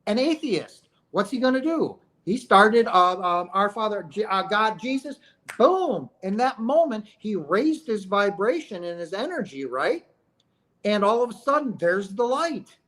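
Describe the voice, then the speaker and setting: A man with a high, sing-song, slightly bright voice talks a little slowly as he hosts a spiritual stream about near-death experiences. His tone is emphatic and preachy, full of rhetorical questions, repeated "right?" and calls to "guys."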